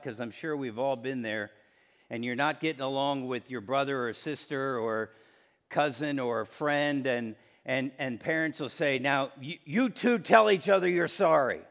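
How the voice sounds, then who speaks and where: A middle-aged pastor with a mid-range, slightly bright voice preaches a conversational sermon, often putting questions to the congregation.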